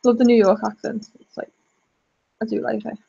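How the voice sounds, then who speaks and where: A woman chatting casually on a live stream, thinking out loud and addressing her viewers directly. Her voice sits a little high and comes through muffled, lo-fi webcam audio. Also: little pitch movement, moderate pace, gravelly, breathy edge. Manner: chatty, thinks aloud, talks straight to viewers. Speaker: live chat host.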